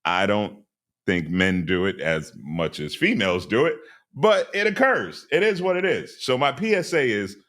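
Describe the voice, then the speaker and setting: A man's voice: lowish voice, a bit bright. A middle-aged man hosting a casual commentary podcast, speaking emphatically in a preachy way and acting out other people in a raised voice. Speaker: podcast host.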